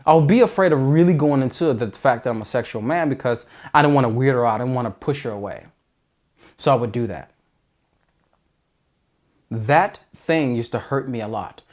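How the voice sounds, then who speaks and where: A man's voice: medium pitch, animated, normal speed, long pauses, a little mellow. A man giving dating advice in an earnest, emphatic monologue, often restarting sentences. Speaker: dating coach.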